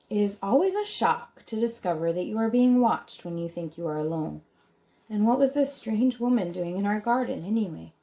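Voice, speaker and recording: A woman with a lowish, dark-toned voice reads a children's book aloud. Every so often she pauses to drop in chatty comments of her own between the passages.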